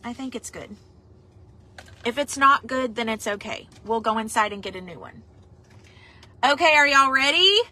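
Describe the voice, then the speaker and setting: A woman's voice: on the high side, moderate pace, bright, forceful tone, rough recording. A middle-aged woman, chatting casually on a livestream and reading viewer comments aloud. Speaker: singer hosting a livestream album listening party.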